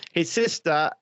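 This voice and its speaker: A man's voice: fairly high pitch, pushed and bright, no echo. A man hosting a live stream, chatting casually, reading out viewer comments and swearing freely.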